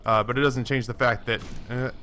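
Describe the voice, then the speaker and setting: A man's voice: medium pitch, steady tone, brisk, sharp tone, a little hiss or hum. A man in his twenties giving rambling, self-deprecating commentary while playing a game, full of fillers and restarts. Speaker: gaming YouTuber. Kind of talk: rambling let's-play commentary.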